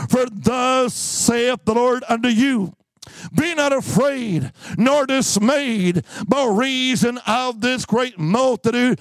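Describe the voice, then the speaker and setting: A man preaching a sermon with slow, emphatic delivery and call-and-response to the congregation, now and then breaking into snatches of song. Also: very high voice, vocal fry, no echo.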